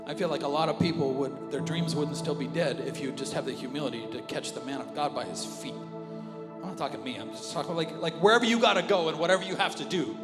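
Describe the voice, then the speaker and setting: A male pastor preaching an animated sermon, dropping to a hush and then rising loud again. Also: fairly high pitch, fast, hardly any pauses. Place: church auditorium with reverb. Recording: live church audio with long reverb and music underneath. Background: worship music.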